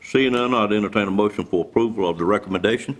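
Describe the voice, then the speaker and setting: A man chairing a county meeting, brisk, procedural and courteous. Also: on the low side, low-quality recording.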